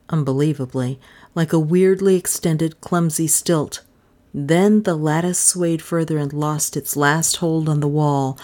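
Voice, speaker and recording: Female audiobook narrator, low voice, measured dramatic delivery. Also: warm tone. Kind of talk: scripted narration of a crime novel.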